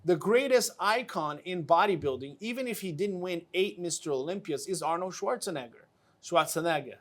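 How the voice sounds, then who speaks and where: A man's voice: sits high, animated, brisk. A man hosting a casual interview show, talking with enthusiasm and repeating words for emphasis. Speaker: show host.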